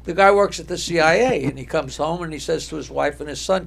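An older man, a stand-up comedian, telling jokes and stories in a studio, animated and laughing at his own punchlines. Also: on the high side, quick pace, creaky, few pauses. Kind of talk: joke telling and storytelling.

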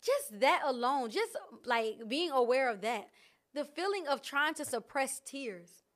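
A woman vlogger talking candidly and casually about her feelings, animated and laughing often. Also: high voice, a little slow. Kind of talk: casual reflective chat. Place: outdoors in nature.

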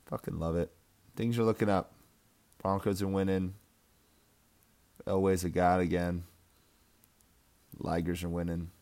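A man's voice: low-pitched, fairly even intonation, slow pace, pauses often, a little mellow. A young man giving a casual, rambling fantasy football recap, full of trash talk and laughter. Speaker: fantasy football league member.

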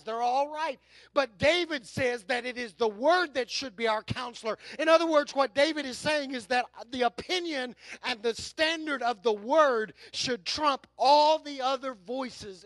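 A man preaching a sermon as pastor, shifting from loud emphatic declarations to hushed, self-aware asides and often repeating words as he builds. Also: very high voice, no room sound.

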